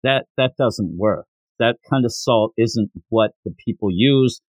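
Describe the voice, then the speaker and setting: A ridiculous male ghost who lectures and threatens in a lower voice , as a man puts him on. The sound is dry and close. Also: unhurried, dry recording. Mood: lecturing.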